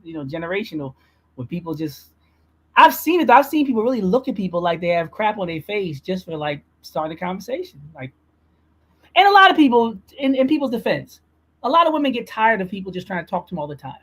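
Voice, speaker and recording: A man's voice: sits high, very animated, quick pace, a bit bright. A man co-hosting a casual livestream chat, chatty and laughing between points.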